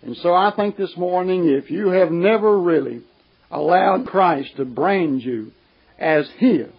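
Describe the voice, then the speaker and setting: A man preaches a sermon in a slightly high voice. He drives his points home slowly and firmly and keeps putting questions to the congregation. The recording is muffled and lo-fi. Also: slightly rough. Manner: slow, emphatic preaching with rhetorical questions. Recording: dull, lo-fi recording.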